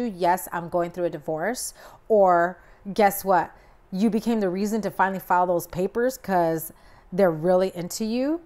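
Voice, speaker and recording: A woman's voice: lowish voice, a little mellow. A young woman giving a casual, blunt tarot reading to camera, emphatic and chatty with plenty of fillers. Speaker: tarot reader.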